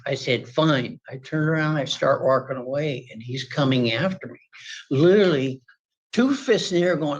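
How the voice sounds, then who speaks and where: A man testifying at a court hearing, telling his side with lively acted-out quotes of shouting. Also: fairly high pitch, moderate pace, highs cut off. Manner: animated, acts out quoted shouting.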